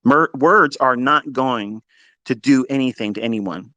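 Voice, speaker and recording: A man giving an unscripted motivational lecture as a trading mentor, blunt and profane, dropping to low mutters and then rising to loud, emphatic outbursts. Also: a little slow, dry recording, highs cut off.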